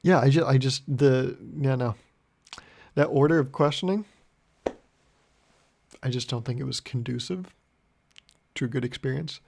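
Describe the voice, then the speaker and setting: A young man hosting a solo podcast, telling rambling deadpan stories full of swearing and acting out both sides of a conversation. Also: medium pitch, moderate pace, creaky, pauses often. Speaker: podcast host. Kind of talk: solo comedic storytelling podcast.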